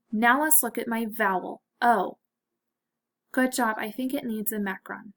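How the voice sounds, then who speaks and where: Slow-speaking woman teaching phonics. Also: medium pitch, a bit bright. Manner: slow, clear, encouraging teacher talk. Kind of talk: phonics lesson for children.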